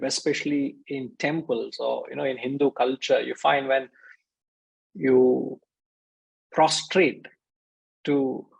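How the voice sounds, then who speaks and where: An Indian man gives a conversational spiritual discourse as a teacher, his medium-pitched voice creaky and husky. He briefly acts out the voices in his stories, and the recording quality is low.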